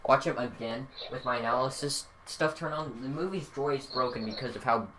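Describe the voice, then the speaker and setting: Emphatic podcaster over background noise. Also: male voice, mid-range voice, brisk. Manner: emphatic, voice swells loud. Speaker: podcast co-host. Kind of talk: casual opinionated chat. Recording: noisy home recording.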